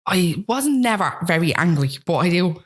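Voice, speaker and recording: A woman's voice: lowish voice, sing-song, moderate pace, breathy edge. A young woman with a Dublin accent, speaking frankly as an interview guest about family, in a chatty conversational way. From Ballymun, Dublin, Ireland. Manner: frank, with frequent "like" and restarts. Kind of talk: candid conversational storytelling.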